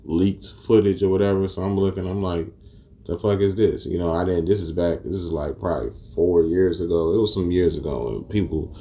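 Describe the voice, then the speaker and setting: A man with teaching scripture in a casual street style, mixing verses with profane stories and rising loud and high when outraged. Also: a little fast, hardly any pauses, slight background noise. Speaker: preacher.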